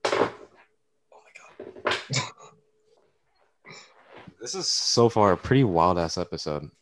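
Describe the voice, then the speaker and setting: A man's voice: sits low, expressive, slow, a bit bright, slight background noise. A young man hosting a podcast, talking loosely with lots of slang and swearing. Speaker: podcast host. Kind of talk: casual chat. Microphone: computer mic.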